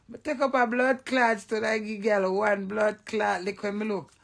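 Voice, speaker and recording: A man's voice: high-pitched, measured pace, vocal fry. A man with a Jamaican accent, telling stories and swearing freely in a casual live-stream chat. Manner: animated, swears freely, storytelling.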